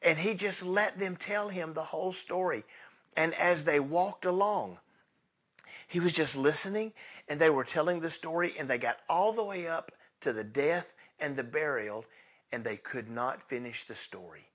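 A pastor preaching an Easter sermon, retelling the scripture with animated storytelling and acted-out dialogue. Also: male voice, on the high side, normal speed.

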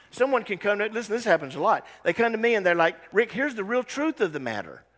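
Lively pastor preaching in an echoing hall. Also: male voice, on the high side. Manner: dramatic, acts out Bible scenes in lively voices. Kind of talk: sermon.

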